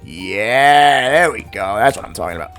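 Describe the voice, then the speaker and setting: A man's voice: fairly low pitch, expressive, normal speed, gravelly, a bit bright, soft background music. A man reading the lines of a cheerful male party organizer who gives upbeat orders. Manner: upbeat, bossy reading of game dialogue.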